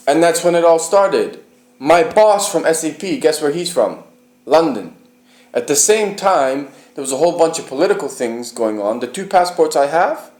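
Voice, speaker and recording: A man's voice: fairly high pitch, darkish tone, echoey room. A man from the United Kingdom telling his personal story in an interview, emphatic and profane, often asking the listener whether he is right.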